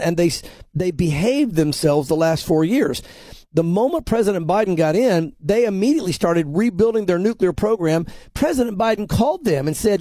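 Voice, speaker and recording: A man with a high voice and a mellow, dark tone, talking through his views as a pastor on a podcast. He presses his points emphatically and often repeats words as he builds them. The sound is close and dry. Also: animated, fairly quick, dry recording. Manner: acts out other people's lines in quoted voices. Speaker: pastor and prophecy commentator. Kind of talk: conversational podcast commentary.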